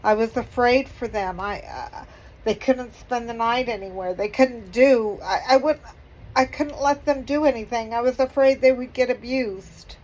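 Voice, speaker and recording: A middle-aged woman vlogging, halting and apologetic, crying as she speaks. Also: a little high, darkish tone, poor audio. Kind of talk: emotional personal vlog.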